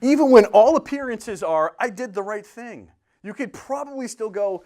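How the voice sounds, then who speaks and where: A man preaching a sermon as pastor, swinging from loud bursts to hushed whispers. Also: high-pitched, lively intonation, moderate pace. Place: church sanctuary.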